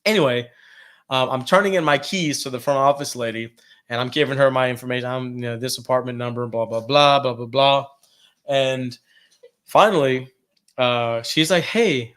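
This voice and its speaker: A man co-hosting a casual horror podcast, telling ghost stories in an animated way, swearing freely and acting out quotes. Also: medium pitch, normal speed. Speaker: podcast co-host. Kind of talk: casual chat, storytelling.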